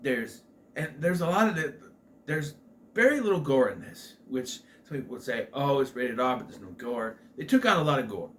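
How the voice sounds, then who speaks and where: A man of medium pitch talks through a film review in a loose, chatty way, full of fillers and restarted sentences. A faint noise sits under his voice. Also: fairly bright tone. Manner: rambling, with many fillers and restarts. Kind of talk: casual spoken movie review.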